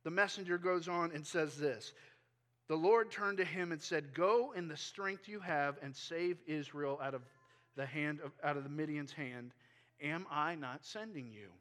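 A male pastor preaching a sermon, retelling a scripture story in lively, casual words. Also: fairly high pitch, measured pace. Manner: animated storytelling, paraphrasing scripture in casual speech. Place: church.

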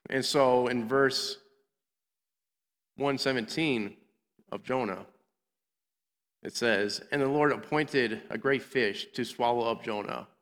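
A man's voice: mid-range voice, a bit bright. A man giving a playful Bible lesson to children, acting out the characters in little voices. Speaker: children's minister. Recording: long hall reverb.

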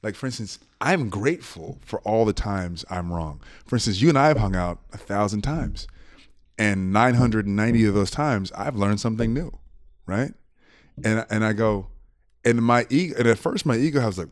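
A man with a fairly low voice chats as a podcast guest. He muses out loud, laughs often, and restarts his sentences as he thinks. His tone is relaxed and conversational. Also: moderate pace. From United States. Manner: laughing, reflective, repeats words while thinking. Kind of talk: casual conversation.

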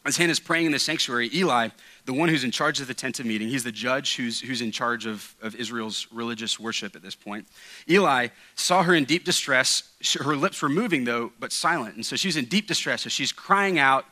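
A man preaches a sermon with a bright, forceful edge to his voice. He talks earnestly and emphatically, circling back on his words and dropping in casual asides as he teaches. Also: mid-range voice, brisk, low-quality recording. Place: church sanctuary.

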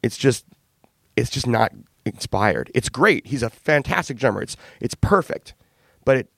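A man of ordinary pitch tells frank, animated stories about making a record, swearing freely and laughing now and then. He is recorded up close with a dry sound. He is speaking as a band's frontman in a casual interview. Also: unhurried, creaky, no room sound. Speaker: band frontman and singer.

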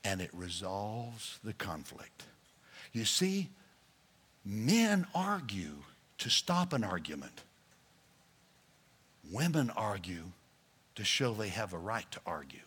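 A man's voice: fairly low pitch, sing-song, slow, long pauses, fairly bright tone, breathy edge. A male pastor preaching a sermon, addressing the congregation directly in a playful coaching manner.

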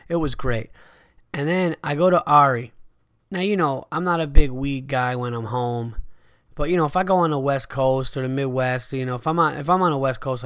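A man hosting a podcast, telling a story casually, animated and swearing freely, loudly acting out his friends' lines. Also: mid-range voice, clear, resonant tone, no room sound, clean studio sound. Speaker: podcast host.

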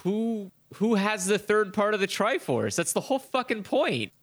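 Animated, swearing man in casual chat. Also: high voice, moderate pace. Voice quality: animated, profane, acts out characters in quotes. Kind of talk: casual chat about video games.

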